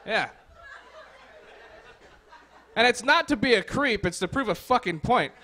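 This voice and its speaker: A man's voice: very high-pitched, lively intonation, a little slow, bright, forceful tone. A young man performing a stand-up comedy set on a club stage, sardonic and crude, rambling with lots of "like.".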